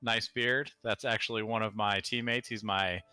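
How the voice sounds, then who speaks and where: A man's voice: on the low side, fairly even intonation, normal speed, bright, forceful tone, clear, resonant tone, dry recording. A young man introducing himself as a tabletop player, chatty and hesitant with fillers.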